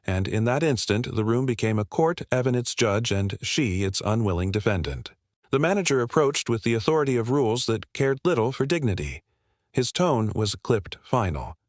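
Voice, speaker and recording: A man narrates a dramatic story in a low, steady voice. His delivery is even and measured, like a scripted reading. The recording is dry and close, with no room sound. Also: no echo.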